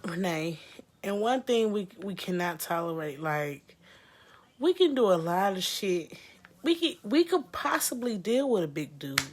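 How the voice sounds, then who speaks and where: A woman's voice: mid-range voice, very animated, a little slow. A woman appearing as a guest friend, giving emphatic, disgusted, profane commentary in casual talk.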